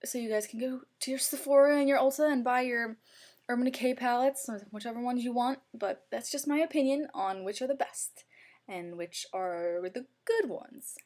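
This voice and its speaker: A woman's voice: fairly high pitch, moderate pace, darkish tone. A young woman talking through her makeup in a casual review, gushing and chatty, with lots of "like" in her speech. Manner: gushing, chatty, heavy use of "like". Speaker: beauty vlogger.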